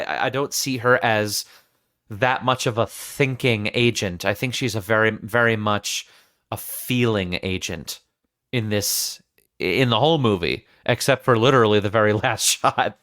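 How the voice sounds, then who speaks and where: A man's voice: mid-range voice, moderate pace, fairly bright tone, no room sound. Earnest man analyzing a film, dry sound. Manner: earnest, analytical, many restarts. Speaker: podcast host. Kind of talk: casual film discussion.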